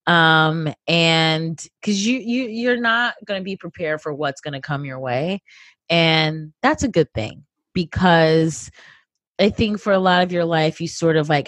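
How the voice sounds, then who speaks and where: This comedian guest is an American woman in her 30s with a deep voice, captured in a dry recording. Her casual interview chat is upbeat and animated, packed with fillers.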